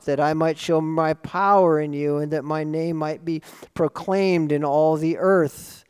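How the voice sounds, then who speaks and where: A man's voice: fairly high pitch, smooth. Emphatic preaching man in a reverberant hall. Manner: emphatic, stresses key words with sudden loud swells. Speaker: pastor. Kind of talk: sermon. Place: church sanctuary.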